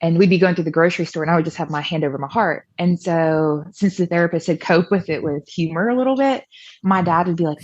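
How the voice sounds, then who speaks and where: A young woman tells her story casually, leaning on fillers and acting out what others said. Her voice sits on the low side. The recording is dry and a little dull. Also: fast talker, darkish tone, dry recording. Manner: chatty, many fillers, acts out quoted voices. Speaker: podcast guest.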